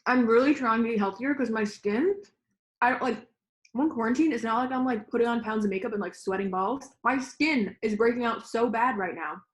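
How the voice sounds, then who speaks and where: A woman's voice: on the high side, brisk, roomy sound. A young woman in her twenties co-hosting a casual mukbang chat, swearing freely and filling her talk with "like". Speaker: mukbang co-host. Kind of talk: casual chat while eating.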